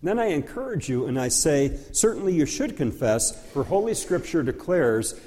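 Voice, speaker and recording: A pastor explaining a church liturgy in a slow, conversational teaching style, with occasional fillers. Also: male voice, medium pitch, mellow. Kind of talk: teaching sermon. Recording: long hall reverb.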